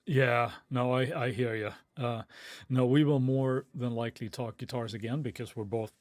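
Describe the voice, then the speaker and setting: A man co-hosting a podcast, relaxed and joking, who wanders a little as he makes his points. His voice sits at a middle pitch. The sound is dry and close. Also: normal speed, dry recording. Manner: laid-back, joking, meandering. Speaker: podcast co-host. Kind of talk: casual chat.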